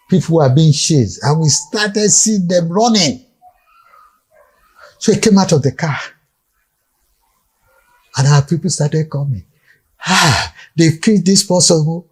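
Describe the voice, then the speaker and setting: Older man, Nigerian accent, husky voice, reminiscing guest, lively storyteller. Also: mid-range voice. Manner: vivid storytelling, acts out quoted dialogue.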